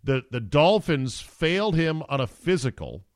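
A man's voice: a little high, sing-song, measured pace, dry recording, clean studio sound. Blunt, opinionated male sports host. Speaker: podcast host. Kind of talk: casual sports talk.

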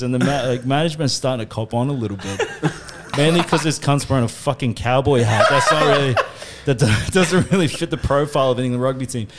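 A man's voice: medium pitch, fairly quick, few pauses. A young Australian man hosting a podcast, telling a story to his mates with lots of laughing and swearing. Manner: laughing, swearing, rowdy banter. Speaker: podcast host.

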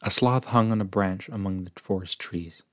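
Low-voiced man reading a children's story. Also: normal speed, no echo, studio quality. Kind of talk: reading a children's picture book aloud.

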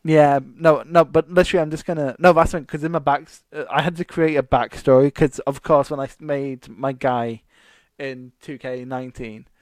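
A man's voice: a little high, steady tone, normal speed, dry recording. Scottish man, podcast co-host, rambling casual chat, laughs a lot, dry close sound. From Scotland. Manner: rambling, laughing often, self-interrupting.

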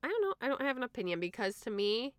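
A woman from Michigan co-hosting a podcast in casual chat, blunt and quick to laugh and swear. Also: a little high, very animated, no room sound. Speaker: podcast co-host.

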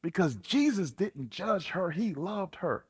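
A preacher with a husky, fairly high voice. He delivers his sermon slowly and deliberately, swinging widely in pitch as he teases and exhorts his listeners in casual, playful talk. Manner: animated, colloquial, playful preaching. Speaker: pastor.

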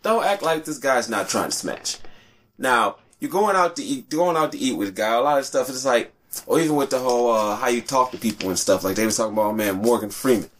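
A man's voice: medium pitch, a little fast, a little hiss or hum. A man in casual conversation, laughing often as he looks back on his younger days. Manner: laughing, lively reminiscing. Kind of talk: casual chat.

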